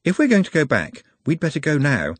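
Here a gentle, formal young orc smith talks in a quiet, measured way, his voice a little husky as a male narrator puts him on. Each line is polite and precise, with no bluster. It sounds close and dry, like a storybook reading. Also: on the high side, wildly swooping pitch, no room sound, pitched above the performer's own voice, full character voice. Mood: calm.

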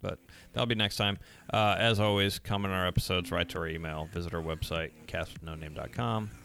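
A man's voice: low-pitched, fairly even intonation, brisk, creaky. A man co-hosting a podcast in laid-back, joking chat, often tripping over his words. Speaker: podcast co-host. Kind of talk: casual chat.

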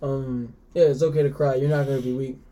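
Halting young man, very dark voice. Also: mid-range voice, little pitch movement. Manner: halting, many fillers and restarts, laughs often. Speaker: podcast guest. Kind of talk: casual podcast interview.

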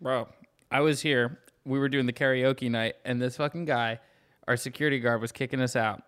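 A young man co-hosting a podcast, telling stories in a lively, profane way and acting out the voices of the people in them. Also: mid-range voice, moderate pace, clean tone. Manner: animated storyteller, profane, acts out voices in anecdotes. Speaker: podcast co-host. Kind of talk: casual chat.

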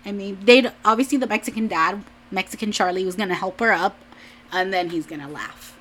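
A woman's voice: mid-range voice, brisk, a bit bright. A young adult woman vlogger chatting casually, rambling with lots of "like"s and restarts, and often laughing. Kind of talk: casual chat.

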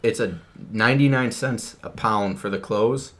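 A man with a fairly low voice, trading casual banter on a podcast. He talks loosely, swears often and laughs at his own slips. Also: measured pace, a bit bright. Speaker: podcast co-host.

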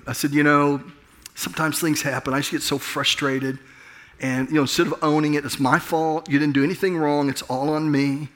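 A middle-aged pastor with a slightly high, fairly bright voice tells a personal story during his sermon. He speaks at a normal pace with fairly even intonation, poking fun at himself in a conversational way and often restarting his sentences.

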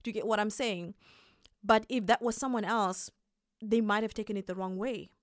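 A woman hosting a casual advice monologue, animated and quick to laugh as she acts out little scenes. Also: medium pitch, dry recording, studio quality. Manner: animated, acts out quoted reactions, laughs often. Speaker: podcast host.

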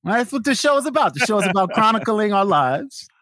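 Man, forties, playful co-host, very animated pitch, casual chat. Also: a little fast, no room sound. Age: 40s. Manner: laughing, playful interjections. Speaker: podcast co-host.

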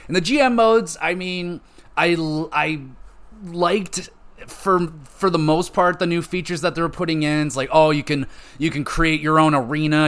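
A man hosting a podcast, chatting casually and with lots of swearing, acting out quoted voices. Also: a little high. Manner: animated, profane, acts out quoted voices. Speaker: podcast host.

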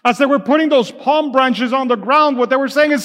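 High-voiced pastor preaching in a reverberant hall. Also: male voice, fairly quick, few pauses, fairly bright tone. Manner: casual and conversational, building to fervent repetition. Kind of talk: sermon. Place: church sanctuary.

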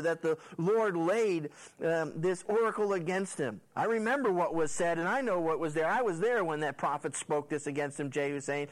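Male pastor, sermon, lively storytelling, acts out characters, slightly high voice. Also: moderate pace, poor audio. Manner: animated storyteller who acts out the characters' lines. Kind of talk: sermon, retelling scripture.

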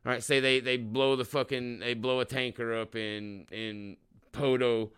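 A man's voice: mid-range voice, flat delivery, measured pace, a bit bright, clean tone. A man from Oklahoma hosting a show, giving profane, heated commentary on a video clip. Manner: profane, heated, swearing freely. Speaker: show host.

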